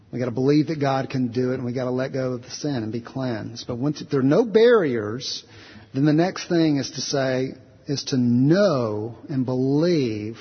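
Guy preaching in a church, husky voice, kinda muffled lo-fi recording. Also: mid-range voice. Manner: earnest, repetitive preaching cadence with acted prayers. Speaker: pastor. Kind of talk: sermon. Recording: husky voice, long hall reverb, dull lo-fi sound.

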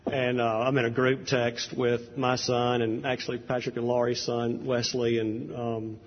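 A pastor talks to his congregation in a loose, anecdotal manner, full of "ums" and restarts. His mid-pitched voice is a little husky. The dull, lo-fi recording carries long hall reverb. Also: level tone, a little slow. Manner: conversational and anecdotal, with frequent fillers. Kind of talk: sermon introduction.

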